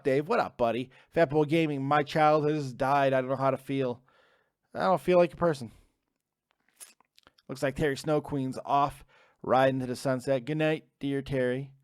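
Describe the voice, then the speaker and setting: A man's voice: a little high, darkish tone, dry recording, studio quality. A young man hosting a live stream, reading viewer comments aloud and replying in a casual, swearing manner. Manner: casual, swears freely, reads chat names aloud. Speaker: host reading live chat.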